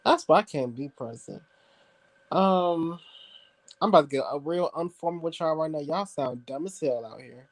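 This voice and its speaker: A woman co-hosting a casual chat, talking emphatically with a drawn-out delivery. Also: low voice, no room sound. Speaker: podcast co-host.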